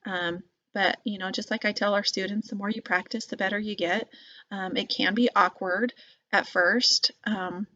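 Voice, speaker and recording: A woman's voice: mid-range voice, normal speed, no room sound, highs cut off. Woman teacher giving parenting advice. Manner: conversational, many fillers, acts out lively example phrases. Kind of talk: casual explanatory talk.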